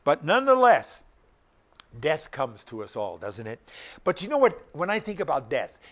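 A man's voice: a little high, wildly swooping pitch, moderate pace, a bit bright. An older male pastor preaching a sermon, emphatic and often putting rhetorical questions to the congregation.

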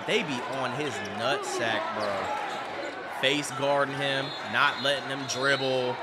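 A man's voice: mid-range voice, very noisy. A young man giving casual, profane reaction commentary, talking straight at the screen in slang as he watches a game. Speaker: YouTuber reacting to game footage.

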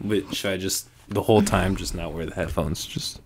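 A man's voice: low-pitched, fairly even intonation, moderate pace. A young man hosting a podcast, joking and self-mocking and laughing often, on a studio mic with headphones. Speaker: podcast host. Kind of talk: casual chat.

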